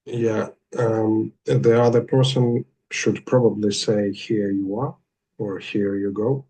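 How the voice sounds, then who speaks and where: A man's voice: lowish voice, steady tone, takes it slowly, warm tone, rough recording. A man, a trainee answering the trainer's questions in an online class, hesitant at times.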